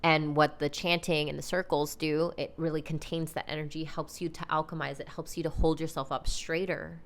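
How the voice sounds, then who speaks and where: A woman hosting a podcast, telling a personal story in a casual, animated, chatty way, full of "like" and "you know". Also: sits low, normal speed. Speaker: podcast host.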